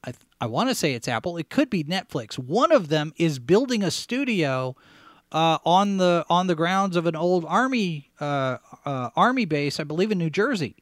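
A man from Texas with a general American accent, hosting a casual chat, chatty and quick to laugh. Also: fairly high pitch, big pitch swings, no room sound, studio quality. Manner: chatty, laughs easily, self-correcting. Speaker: host.

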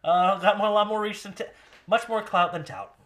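Animated, jokey male podcast host. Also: sits high, brisk. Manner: animated, jokey, laughing, mocking quotes. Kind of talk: casual chat.

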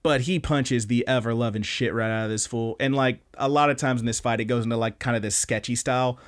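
A young man hosting a podcast, recapping anime episodes in a casual, animated way, swearing often and acting out lines. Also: mid-range voice, brisk. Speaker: podcast host.

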